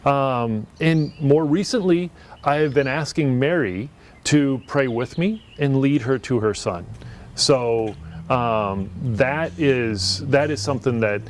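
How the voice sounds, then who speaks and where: A man's voice: medium pitch, takes it slowly, slight background noise. A man who is a priest, talking in an earnest, reflective way in a casual conversation and often restarting his sentences.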